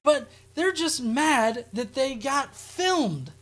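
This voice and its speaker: A woman hosts a casual show, reading comments and mocking them with crude, sarcastic remarks. Her voice sits a little high. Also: expressive, extremely slow, a bit bright. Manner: crude, sarcastic, laughing asides. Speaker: show host.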